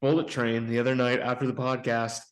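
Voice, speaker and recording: A man's voice: mid-range voice, level tone, fairly quick. A man co-hosting a casual podcast over a video call, bantering, joking and arguing back. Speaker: podcast co-host. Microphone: remote call mic.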